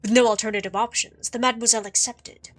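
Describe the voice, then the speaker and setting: A woman voicing a sly, smooth-talking male fox con artist in a game playthrough, theatrical and evasive. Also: on the high side, fairly even intonation, fast, soft background music, lightly acted. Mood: storytelling. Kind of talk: reading game dialogue aloud.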